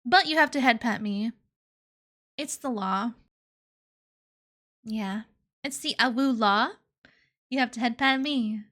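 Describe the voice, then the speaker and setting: A woman's voice: a little high, slow pace, long pauses, a bit bright. A young woman streaming live, chatting casually and playfully with her chat, giggling and slipping into cutesy baby talk. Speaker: VTuber streamer.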